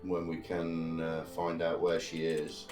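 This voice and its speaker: A man with a very low voice plays a tabletop game, defiant and quick to swear. He sounds distant from the mic, in a roomy space. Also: monotone, music in the background. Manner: blunt and defiant, swears freely. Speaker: player. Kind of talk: tabletop game role-play.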